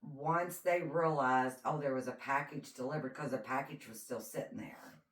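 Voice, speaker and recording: A co-host with a very deep voice, at a moderate pace, lively recounts a true crime story on a casual podcast, acting out the quotes along the way. Her mic is distant, leaving a roomy echo.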